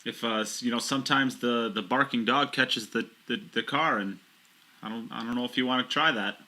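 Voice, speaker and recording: A man from Wisconsin co-hosting pool commentary, joking with frequent halting restarts. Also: medium pitch, bright, forceful tone. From Wisconsin, USA. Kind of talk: live sports commentary.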